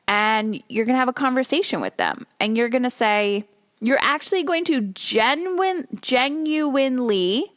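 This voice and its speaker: Animated woman podcast host, dry sound. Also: medium pitch, dry recording. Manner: animated, coaching tone. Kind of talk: solo podcast monologue.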